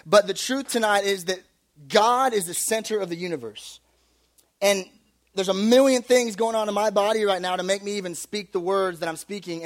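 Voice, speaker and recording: A young male youth pastor preaching in a loose, conversational way, slipping into quick acted-out voices to make his points. His voice sits high for a man. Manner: casual and animated, acts out little voices. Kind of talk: youth sermon.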